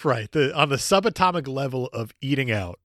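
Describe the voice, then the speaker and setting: A man's voice: medium pitch, lively intonation, brisk, a bit bright, no echo, clean studio sound. A man co-hosting a casual podcast, joking with crude banter and laughing a lot. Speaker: podcast co-host.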